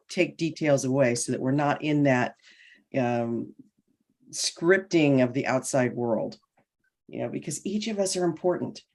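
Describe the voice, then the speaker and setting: A woman's voice: low-pitched, darkish tone. A middle-aged woman on a panel, telling a personal story and acting out the dialogue. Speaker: panel guest. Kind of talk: casual panel talk, storytelling.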